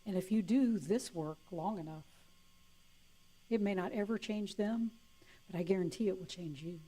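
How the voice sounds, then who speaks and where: Woman preacher, mid pitch, playful and warm, breaks into laughter. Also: normal speed, husky. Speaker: minister. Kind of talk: sermon.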